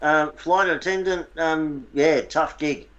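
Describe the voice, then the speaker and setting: A man's voice: on the high side, slow pace, fairly bright tone, highs cut off. A man co-hosting a comedy show, trading dry, sarcastic quips. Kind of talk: casual comedic banter.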